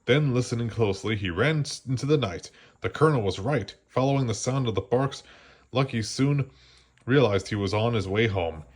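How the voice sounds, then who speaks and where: Man, bedtime story read-aloud, gentle, medium pitch, slows for suspense. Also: breathy edge. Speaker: storybook reader. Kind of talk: children's read-aloud narration.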